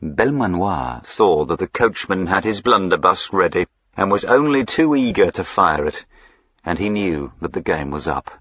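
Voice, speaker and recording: A man reads a historical novel aloud in a measured, even way. His voice is deep and husky and unhurried. The recording is dry and slightly muffled. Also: dry recording. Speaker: audiobook narrator. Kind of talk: scripted narration of a historical novel.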